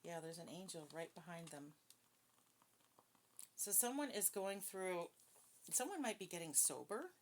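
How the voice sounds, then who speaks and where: A woman's voice: lowish voice, sing-song, measured pace, pauses often, slight background noise. Chatty woman giving a card reading. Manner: chatty, self-deprecating, talks straight to viewers with frequent "okay?". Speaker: tarot card reader. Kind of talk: casual spiritual card reading.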